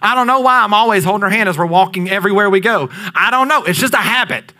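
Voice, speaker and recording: High, bright-voiced man preaching. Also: animated, fast talker. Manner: dynamic preaching, swings between loud peaks and near-whispers. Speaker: pastor. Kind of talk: sermon.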